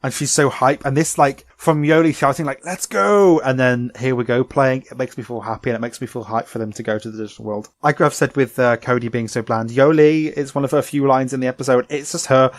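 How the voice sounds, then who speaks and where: A man chats through a cartoon episode recap, animated and full of fillers. His voice sits at an average pitch. The sound is dry and close, with no room around it. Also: quick pace, hardly any pauses, no room sound. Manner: chatty and animated, with many "like" fillers. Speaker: podcast co-host.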